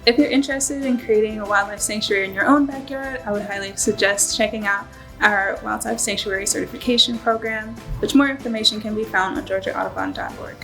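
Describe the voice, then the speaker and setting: A woman's voice: medium pitch, fairly even intonation, fairly quick, gravelly, fairly bright tone, soft background music, rough recording. A woman presenting for a conservation group, explaining steadily with frequent fillers. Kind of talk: informational presentation.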